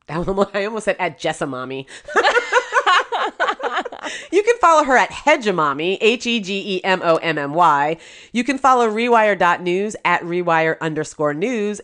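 A woman co-hosts a podcast in casual political chat, her pitch swooping widely as she gets indignant. She drops quick laughing asides between points. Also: a bit bright. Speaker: podcast co-host.

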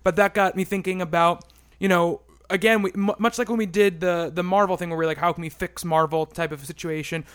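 High-voiced joking podcast host, man. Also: steady tone, fairly bright tone. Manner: quick, joking, filler-heavy delivery. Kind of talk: casual podcast chat.

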